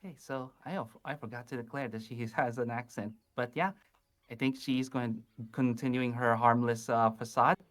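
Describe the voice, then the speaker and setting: A man's voice: medium pitch, steady tone, moderate pace, fairly bright tone. A man playing a tabletop game, describing his character's actions in a hesitant, casual way. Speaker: player. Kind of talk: casual play talk.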